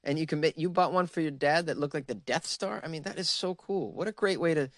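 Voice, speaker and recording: A man's voice: on the high side, brisk, fairly bright tone, no echo, clean studio sound. A man hosting a podcast in casual chat, rambling and joking, with lots of fillers and restarts. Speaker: podcast host.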